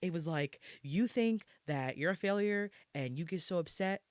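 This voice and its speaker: A woman co-hosting a podcast in casual chat, telling stories with lively swings and swearing freely. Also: on the low side, moderate pace, dry recording, clean studio sound. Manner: animated storytelling, swearing, drops into quiet asides. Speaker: podcast co-host.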